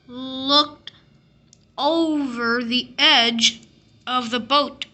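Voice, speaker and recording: A woman reading a classic picture book aloud, telling the story slowly and expressively. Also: high-pitched, bright, forceful tone. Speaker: storybook reader.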